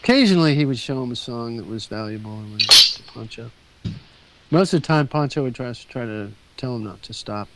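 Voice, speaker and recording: A man's voice: mid-range voice, lively intonation, fairly quick, background noise. A man in casual chat, telling loose stories, swearing offhandedly and trailing off.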